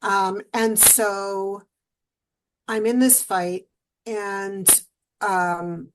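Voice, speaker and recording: A woman speaking as a guest in an interview, telling a personal story with animated energy. She acts out what she and others said along the way. An emotional edge runs through her telling. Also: mid-range voice, very slow, slight background noise.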